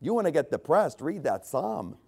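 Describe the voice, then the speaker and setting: A man's voice: sing-song, normal speed, creaky, husky. An older man preaching a sermon, reading scripture aloud and speaking with dramatic rises and drops in emphasis. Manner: reads scripture aloud with dramatic swings in pitch and loudness. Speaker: pastor.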